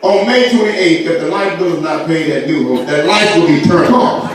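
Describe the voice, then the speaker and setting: A man preaching a sermon to his congregation, with shouted and sung peaks and playful asides, recorded in a church sanctuary. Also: on the high side, moderate pace. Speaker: pastor. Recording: echoey church from far off.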